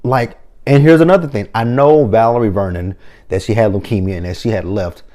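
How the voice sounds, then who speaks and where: A man giving casual, excited fan commentary as a vlogger, rambling and getting himself hyped up. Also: on the low side, a little fast. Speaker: vlogger ranking team-up episodes.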